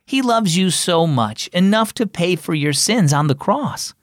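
A man voicing a gentle, loving stepmother who speaks reassuringly in a story for children. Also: high-pitched, animated, a little slow, no echo, clean studio sound, pitched above the performer's own voice.

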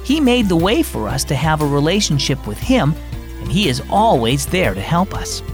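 A man hosting and narrating a children's devotional radio program, telling the story in a friendly, expressive studio voice. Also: on the high side, moderate pace, music in the background. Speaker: host and narrator.

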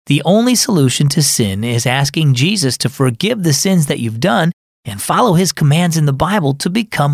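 A man's voice: fairly high pitch, creaky, dry recording. A man hosting a children's devotional program, narrating a scripted story in a friendly, earnest way. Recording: dry studio voice with faint music.

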